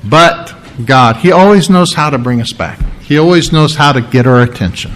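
Man, preacher, sermon, earnest, repeats phrases for emphasis, slightly high-pitched. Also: fairly quick, rough recording. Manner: explains scripture word by word, teacherly. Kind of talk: sermon with Bible reading.

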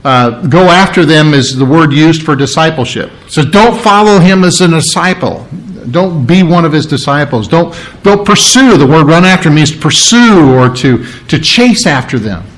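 A man delivers a sermon in a loose, conversational way, throwing questions at his listeners and joking along the way. His voice sits slightly higher than most men's. He mentions sore ribs as he preaches. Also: normal speed. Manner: conversational, animated, asks the audience questions, jokes. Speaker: pastor.

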